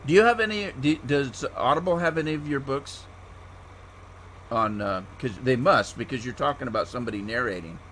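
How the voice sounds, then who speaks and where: A man's voice: medium pitch, a little fast, a bit bright, slight background noise. A middle-aged man from the United States, a live streamer chatting with viewers by name as he plays a farming game, rambling and easygoing. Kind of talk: casual chat while playing a farming game.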